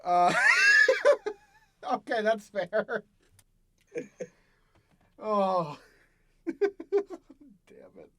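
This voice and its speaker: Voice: medium pitch, extremely slow, pauses often. A podcast host from the South, chatting casually, easygoing and laughing often. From American South. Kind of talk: casual chat.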